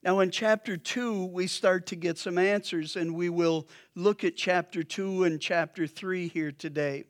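Male pastor preaching; talks to the congregation conversationally, unhurried and light. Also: high-pitched, steady tone. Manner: conversational, joking asides to the congregation. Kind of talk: sermon.

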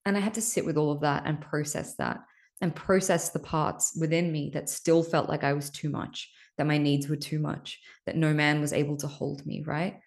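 A woman talks through her own experiences on a podcast in a fairly low voice. She is frank and emphatic, swears freely and keeps turning to the listener with "right?". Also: steady tone, moderate pace, vocal fry. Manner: candid and emphatic, swears casually, frequent "right?". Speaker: podcast host. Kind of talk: personal storytelling monologue.

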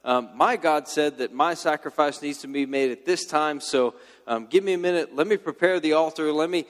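Guy doing a cocky prophet dude, teasing and sarcastic, voice jumps up high, echoey hall. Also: moderate pace, close to an everyday voice. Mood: mocking. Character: mocking, swaggering male prophet taunting rivals.

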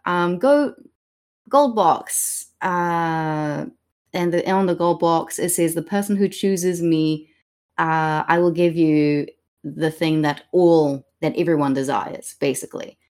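A woman's voice: sits low, slow pace, darkish tone. A woman co-hosting a podcast, chatting with amusement about a comic, with lots of fillers. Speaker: podcast co-host. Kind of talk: casual discussion of a comic.

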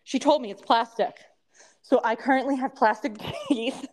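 High-voiced woman with a lisp. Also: normal speed, noisy background. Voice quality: lisp from temporary crowns. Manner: chatty, rambling, laughs often. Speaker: podcast co-host. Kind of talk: casual chat.

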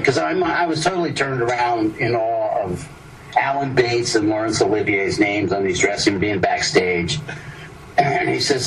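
A man's voice: on the low side, measured pace. An older man, an actor, telling a rambling anecdote in casual interview talk, acting out the people he quotes. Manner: rambling, lively storyteller voicing quoted people. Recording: distant mic with clear background noise.

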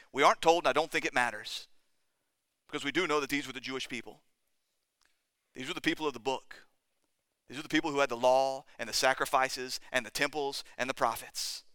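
Male pastor, fervent sermon delivery, clear resonant tone, dry close sound. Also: medium pitch, no room sound. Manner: impassioned preaching, rising to loud cries at climaxes.

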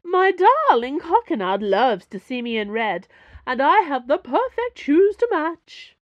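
A woman's voice: sits high, very animated, measured pace, no echo, lo-fi sound, voice pushed up. A woman voicing a brash woman who puts on a shrieking, haughty diva act in a read-aloud story. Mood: shrill haughty.

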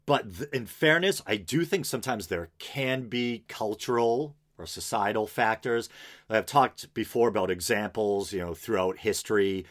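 A man's voice: lowish voice, normal speed. A man hosting an unscripted podcast, reading news aloud with casual, wry asides. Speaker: podcast host.

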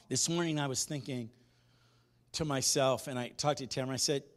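A man preaching a sermon as pastor, telling stories in an animated way and moving between loud and hushed delivery. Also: mid-range voice, moderate pace. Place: church sanctuary.

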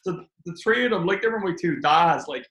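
An Irish comedian spins stories in loose chat, lively and quick to swear. His voice sits a little high and sounds bright and forceful. The room around him is roomy and echoey. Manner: animated storyteller, swears freely. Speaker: comedian guest. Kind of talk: casual podcast chat. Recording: roomy echo.

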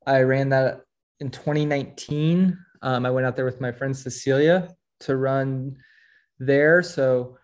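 A man's voice: medium pitch, unhurried. Man, podcast guest, easygoing storyteller, mid-range voice, casual chat.

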